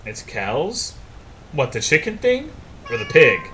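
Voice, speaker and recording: A man's voice: fairly high pitch, huge pitch swings, takes it slowly, fairly bright tone, slight background noise. A young man streaming a game, chatting casually with viewers, swearing often and joking. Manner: profane, joking, reading chat aloud. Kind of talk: casual live-stream chat.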